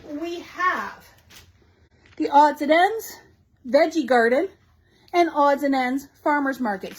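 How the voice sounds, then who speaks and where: A bubbly woman with a Canadian accent, talking in a high, bright voice as she hosts a live product showcase. She gushes over each item and throws in quick asides to her viewers. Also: rough recording. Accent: Canadian English. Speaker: shop host showing new craft products.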